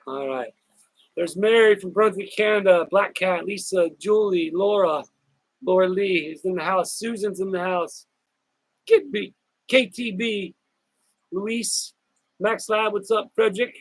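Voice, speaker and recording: A man hosting a casual outdoor live stream, greeting viewers by name in a chatty, upbeat way with drawn-out shout-outs. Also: sits high, no echo, rough recording. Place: outdoors on a hot day with a fan.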